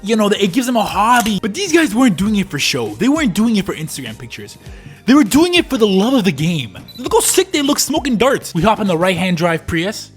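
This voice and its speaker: Young guy, slangy laid-back travel voice-over, kinda high voice, soft music under it. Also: very animated, fairly quick. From Canada. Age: early 20s. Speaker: travel vlogger. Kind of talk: casual voice-over narration. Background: faint background music.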